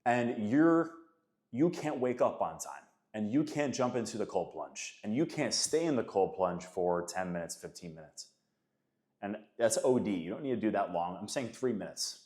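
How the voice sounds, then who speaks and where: Thirties male coach, lowish voice, loose emphatic pep talk straight to camera. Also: animated, moderate pace, darkish tone. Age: 30s. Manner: casual, emphatic, calls listeners guys and man. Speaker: faith and men's coach. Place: Florida.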